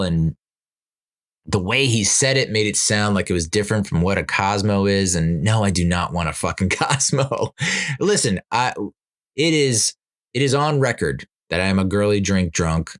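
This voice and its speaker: A middle-aged man hosting a podcast, telling a rambling, self-mocking story in casual monologue, laughing at himself. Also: lowish voice. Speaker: podcast host.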